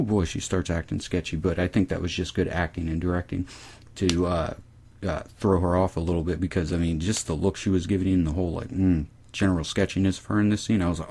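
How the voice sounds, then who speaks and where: A man's voice: low-pitched, steady tone, fairly quick, mellow, breathy edge. A man casually recapping a TV episode, rambling and swearing freely. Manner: rambling, profane.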